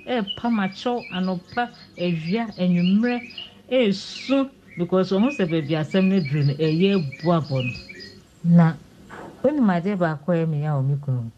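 Ghanaian woman, earnest, pleading tone, lowish voice, muffled lo-fi sound, faint background noise. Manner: earnest, pleading, addresses the host as mama. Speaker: caller sharing her story. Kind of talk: personal account to an advice host.

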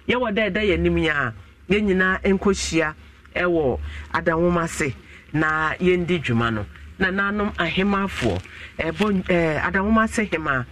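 A man's voice: high voice, a bit bright. A man hosting a call-in radio show, making announcements and asking a caller questions. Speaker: radio host.

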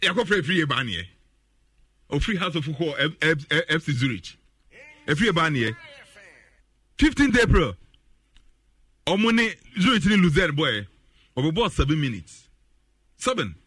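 Ghanaian male football pundit; bright, sharp tone, husky edge, laughs and repeats lines for emphasis. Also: on the high side, sing-song, moderate pace, long pauses, no room sound, clean studio sound. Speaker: football commentator. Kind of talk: animated sports talk in Twi and English.

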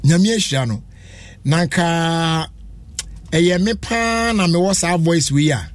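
A man with a Ghanaian accent hosting a radio show, chatting casually and excitedly in a mix of languages. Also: on the high side, slow, no echo. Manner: excitable, mixes Twi and English. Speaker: radio host. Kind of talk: casual radio chat in Twi and English. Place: radio studio.

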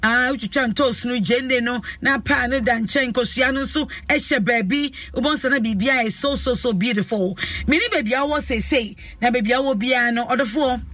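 A woman's voice: fairly high pitch, normal speed, few pauses, fairly bright tone, no room sound, recorded from a distance. Effusive Ghanaian woman hosting a talk show. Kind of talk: lively talk show chat. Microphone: studio microphone.

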